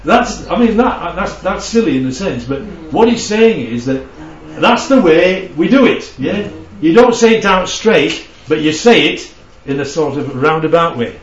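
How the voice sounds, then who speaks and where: A man's voice: on the high side, expressive, measured pace, few pauses. A man preaching a conversational Bible teaching, often checking in with his listeners. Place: church hall. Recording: dull, echoey hall from far off.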